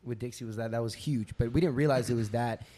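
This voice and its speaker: A man's voice: mid-range voice, quick pace, dark tone. A man hosting a casual podcast interview, asking easygoing follow-up questions and agreeing along. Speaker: podcast host.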